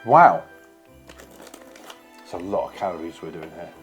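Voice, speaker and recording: A man's voice: low-pitched, animated, unhurried, fairly bright tone, breathy edge, faint music behind. Playful man taste-testing food. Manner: playful, chatty, joking. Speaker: vlogger host. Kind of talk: casual food taste-test chat.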